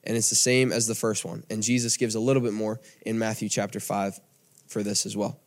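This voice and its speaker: A man's voice: lowish voice, little pitch movement, brisk. An American man preaching a podcast sermon in an earnest way, often repeating phrases and restarting sentences. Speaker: pastor.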